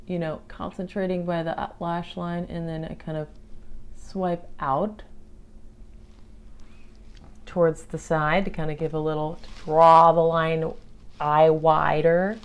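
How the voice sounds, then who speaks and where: A woman's voice: lowish voice, darkish tone. A woman chatting through her makeup routine in a casual tutorial, playful and affectionate, calling viewers darlings. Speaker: makeup vlogger.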